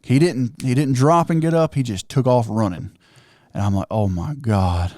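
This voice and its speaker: A man telling a hunting story on a podcast, excited and animated, acting out what everyone said. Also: mid-range voice, moderate pace, no echo, studio quality. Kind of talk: casual storytelling chat.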